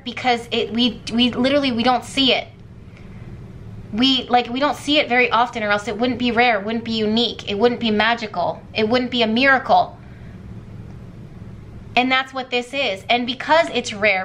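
Bright-voiced young woman reading tarot. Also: a little high, moderate pace, a little hiss or hum, poor audio. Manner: earnest, repetitive, emphatic. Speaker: tarot reader.

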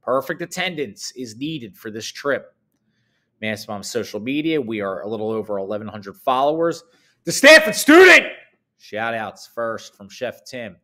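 A man giving morning announcements at a high school in an upbeat, chatty way, swooping up high for emphasis. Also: normal speed, a bit bright.

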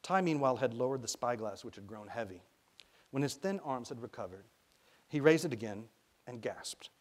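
A man from Arkansas, an author reading his children's novel aloud with lively storytelling narration. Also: medium pitch, moderate pace.

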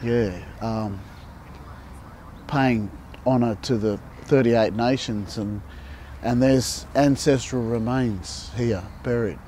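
A man, speaking in a halting, thoughtful way with many pauses, outdoors by a monument. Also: mid-range voice, mellow, slight background noise. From Australia. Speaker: interviewee. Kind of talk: documentary interview.

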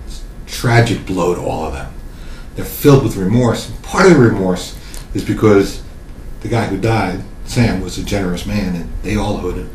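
Deep-voiced man telling a joke. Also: darkish tone, reverberant, a little hiss or hum, poor audio. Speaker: joke teller.

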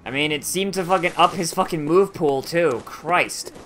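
A man's voice: fairly high pitch, normal speed, a bit bright, slight background noise. A man streaming a video game, talking casually with sarcastic jokes, heavy swearing and frustrated outbursts. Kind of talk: casual gameplay commentary.

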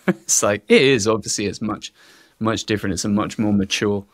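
A man's voice: fairly low pitch, moderate pace, no echo, studio quality. A man with a Southern English accent, a podcast guest rambling through casual tech chat with frequent chuckles. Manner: rambling, chuckles often, fillers like "like".

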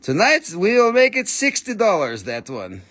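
A man selling crystals on a live stream rattles off prices in a jokey, exclamatory patter. His voice jumps lively between high and low, with muttered asides in between. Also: normal speed.

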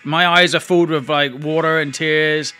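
A man's voice: a little high, fairly even intonation, moderate pace, bright, forceful tone, slight background noise. A man vlogging, telling a long personal story in a rambling, emotional way with frequent restarts. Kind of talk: casual storytelling to camera.

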